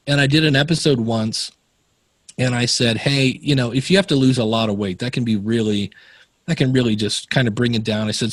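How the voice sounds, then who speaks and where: Man, podcast guest, lively storyteller, mid-pitched, dry close-miked sound. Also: no echo. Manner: animated storyteller acting out quoted voices. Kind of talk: casual storytelling interview.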